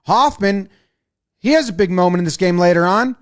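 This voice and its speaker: A man giving a casual, excitable, profane breakdown of a baseball game, acting out what the players say. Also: sits high, moderate pace. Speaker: sports video commentator.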